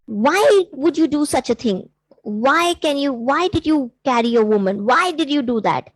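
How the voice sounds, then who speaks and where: A woman's voice: high-pitched, lively intonation, moderate pace, no echo, pitched above the performer's own voice, poor audio. Woman storyteller as a cross frustrated monk firing off questions, dry close sound. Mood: indignant. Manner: indignant, questioning. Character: angry frustrated male monk.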